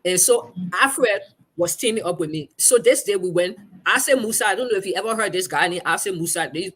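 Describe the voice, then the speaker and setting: Husky-voiced Liberian woman telling a story. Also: mid-range voice, fairly quick. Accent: Liberian English. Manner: animated, acts out quoted speech. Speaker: journalist guest. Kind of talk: conversational storytelling.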